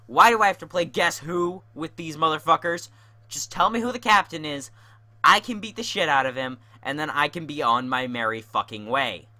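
Foul-mouthed ranting young man, bright voice. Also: fairly high pitch, moderate pace. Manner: profane, sarcastic ranting. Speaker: gaming YouTuber. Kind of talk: let's play commentary.

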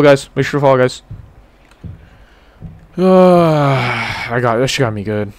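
A man's voice: mid-range voice, expressive, takes it slowly, dry recording. A young man streaming a horror game, swearing a lot and calling everyone bro, yelping when scared and then muttering. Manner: jumpy, profane, says "bro" constantly. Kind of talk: live horror gameplay commentary.

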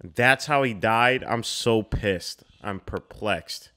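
A young man hosting a casual film reaction, excitable and slangy, calling out at the screen. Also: fairly low pitch, slow pace.

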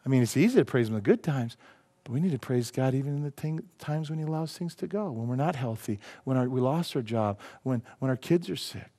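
A male pastor preaching a sermon in a church, rising to loud emphatic peaks and dropping to quiet, earnest lines. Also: mid-range voice, animated, fast. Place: church sanctuary.

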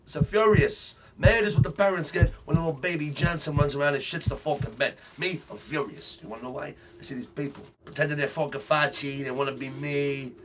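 A man's voice: fairly high pitch, quick pace, few pauses, noisy background. A man playing a brash, swaggering Brooklyn tough guy, delivering a profane, boastful comedic rant. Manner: boastful, profane, shouting rants. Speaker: comedic character host. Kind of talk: comedic character monologue.

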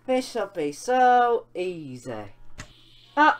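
A young woman commenting on a horror game she is playing, excitable and often yelling at the characters on screen. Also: lowish voice, a little slow, faint music behind. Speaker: gaming channel host. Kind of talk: let's-play commentary.

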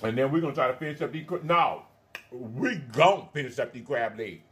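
A man's voice: mid-range voice, expressive, fairly quick, a bit bright, a little hiss or hum. A man hosting a mukbang vlog, chatting casually to viewers while eating, calling them y'all and honey, with frequent mm sounds between bites. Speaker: mukbang vlogger.

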